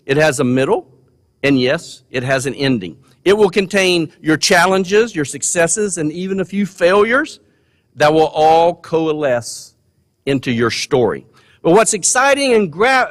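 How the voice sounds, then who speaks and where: A man's voice: fairly high pitch, expressive, unhurried, a bit bright. An older man giving a folksy, earnest commencement speech, repeating words for emphasis. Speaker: commencement speaker. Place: large college gymnasium. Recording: long hall reverb.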